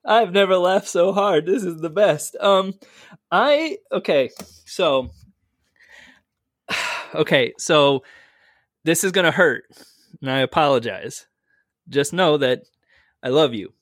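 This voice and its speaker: A man in a casual podcast chat, making an earnest, deliberate argument. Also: a little high, animated, fairly bright tone, dry recording, clean studio sound.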